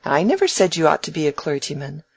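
A reader voicing a proud, sharp-witted young woman in a novel, speaking crisply and earnestly with a teasing edge. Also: mid-range voice, very animated, fast talker, dry recording, exaggerated voice. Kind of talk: audiobook dialogue reading.

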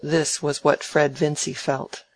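An audiobook narrator reading a classic novel in a measured, even way. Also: medium pitch.

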